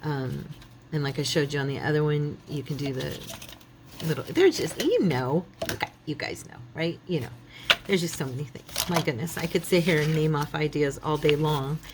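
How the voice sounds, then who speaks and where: A woman's voice: low voice, lively intonation, normal speed, background noise. A woman hosting a craft channel, chatting casually to her viewers and thinking aloud as she works, a little silly and self-deprecating. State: yawning, relaxed.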